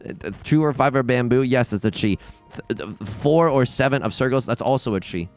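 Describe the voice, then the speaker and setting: A young man talks through his own game with lively, jumpy pitch, dropping to low mutters and jumping up to loud outbursts. His tone is wry and self-mocking. Faint music plays under his voice. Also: a little fast. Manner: excitable, swings from muttering to shouting. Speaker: let's play host. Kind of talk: gameplay commentary.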